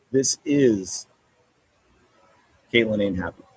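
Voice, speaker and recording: Man, sports podcast host, husky voice, exasperated film breakdown, medium pitch. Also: moderate pace, rough recording. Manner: animated, exasperated, repeats points for emphasis.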